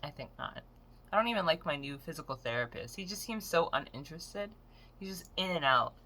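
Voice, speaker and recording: Bright-voiced, profane woman in her twenties. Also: low voice, expressive, fairly quick. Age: 20s. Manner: frank, profane, exasperated storytelling. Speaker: vlogger. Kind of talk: casual rant to camera.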